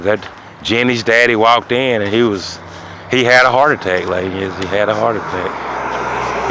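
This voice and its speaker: A man hosting his own show, delivering a rambling comic monologue in a preachy, repetitive way that swings from loud to muttering. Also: mid-range voice, a little hiss or hum. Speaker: show host.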